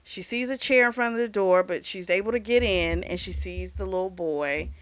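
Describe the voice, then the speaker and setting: A woman hosting a book club channel, casually retelling a novel's plot with fillers and quick little acted-out lines. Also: medium pitch. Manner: chatty and informal, retells scenes by briefly acting out the characters' lines; mild swearing, frequent fillers.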